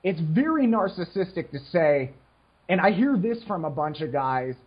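A man's voice: on the high side, big pitch swings, normal speed, husky, muffled recording. A man in his late twenties on a casual podcast, ranting frankly and rambling with lots of restarts, short on sleep. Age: 20s. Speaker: podcast co-host. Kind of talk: casual rant.

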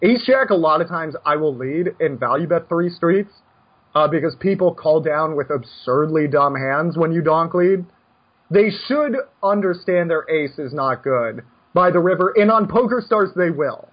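A man coaching poker in casual chat, brash and animated, given to joking rants. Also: fairly high pitch, moderate pace, husky, lo-fi sound.

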